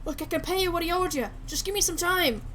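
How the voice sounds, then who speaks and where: A woman's voice: quick pace, a little hiss or hum. Woman playing a frantic man begging for mercy. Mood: pleading. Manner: frantic, pleading, high and loud. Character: desperate man begging for his family.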